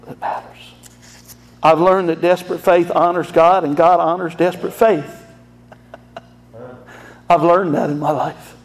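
A middle-aged man, a pastor telling an emotional family story in a folksy sermon. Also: on the high side.

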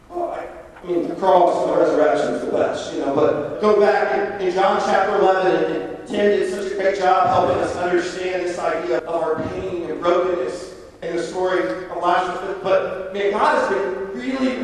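A man giving an earnest, conversational sermon to a youth camp, full of casual fillers. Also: high voice. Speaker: camp speaker. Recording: echoey hall, heard from far off.

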